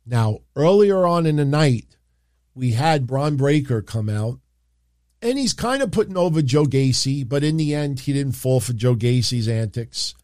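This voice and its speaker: Excitable man hosting a dry livestream. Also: medium pitch, no echo. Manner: excitable, rambling, jumps into quick impressions. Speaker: wrestling show host. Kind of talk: casual livestream commentary.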